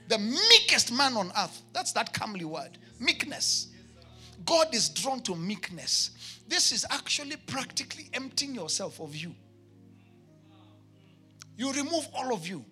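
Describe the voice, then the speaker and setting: A man with a Kenyan accent preaching a sermon to his church, emphatic, with shouted peaks and comic asides. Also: extremely high pitch, very animated, unhurried, faint music behind. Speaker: pastor.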